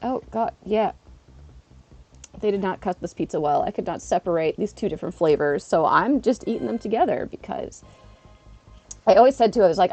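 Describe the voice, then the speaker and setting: Woman, live streamer, casual chat, lively swooping pitch, mellow tone, eats while talking, faint music behind. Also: fairly quick, long pauses, slightly rough. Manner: chatty and excitable, eating while talking.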